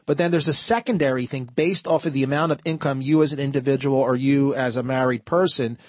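A man hosting a call-in talk radio show, talking fast and repeating words as he builds his points. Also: mid-range voice, no echo. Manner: stammering, repeats words while building arguments. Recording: muffled broadcast audio.

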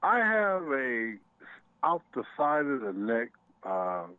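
A man's voice: mid-range voice, sing-song, slow pace, no room sound. A male caller on a talk radio show who chats in a folksy, joking way. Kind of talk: call-in chat. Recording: tinny dry phone line.

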